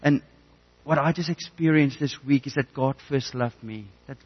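A man preaching a sermon with personal stories, earnest and halting, often repeating words as he restarts. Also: medium pitch, breathy edge, dull audio.

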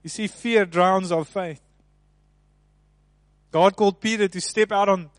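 High-voiced preacher, dry close sound. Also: male voice, fairly even intonation, unhurried, pauses often, no echo. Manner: preaching with swings between soft hushed and loud emphatic delivery. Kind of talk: sermon.

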